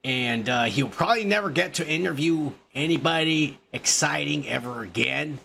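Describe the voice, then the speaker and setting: Gravelly, bright-voiced man ranting crudely. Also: on the high side, moderate pace, slight background noise. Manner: crude, mocking, loud outbursts. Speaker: commentary vlogger. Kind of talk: profane comedic rant.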